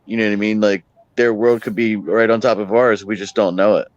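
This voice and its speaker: A man's voice: on the low side, fairly even intonation, brisk, dry recording. A man in a casual podcast chat, offering speculative theories. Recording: dull lo-fi sound.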